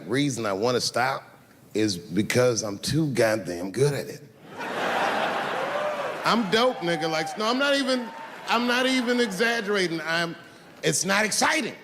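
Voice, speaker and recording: A male stand-up comedian telling stories on stage in an animated, profane way. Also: on the high side. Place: live comedy venue. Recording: reverberant hall with noisy ambience.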